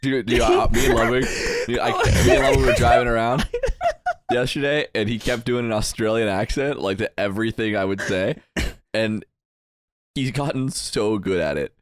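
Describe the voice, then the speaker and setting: A man's voice: mid-range voice, big pitch swings, normal speed, no echo. A man co-hosting a podcast in casual chat, making joking asides. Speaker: podcast co-host.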